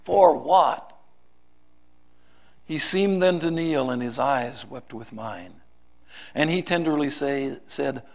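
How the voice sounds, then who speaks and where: Male preacher, gravelly voice, slow deliberate delivery, dramatic shifts from loud to hushed. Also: medium pitch, lively intonation. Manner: dramatic, swings from loud pleading to hushed softness. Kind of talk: sermon with a recited poem.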